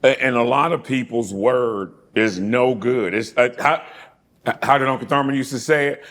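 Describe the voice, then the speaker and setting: A middle-aged former pro football player reminisces as an interview guest, casual and animated. His voice is medium-pitched at normal speed, and he laughs often and repeats words.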